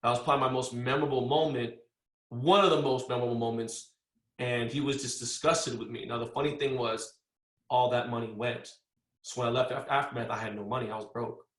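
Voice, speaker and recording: A man telling a story as a podcast guest, animated and full of slang, acting out the other people's lines. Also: mid-range voice, brisk, echoey room. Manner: animated, acts out quoted dialogue with slang. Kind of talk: casual storytelling.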